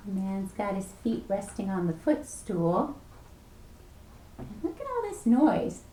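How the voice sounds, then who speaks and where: A woman librarian reading a picture book aloud at a preschool storytime, animated and playful, asking the children questions. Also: mid-range voice, unhurried. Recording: echoey room.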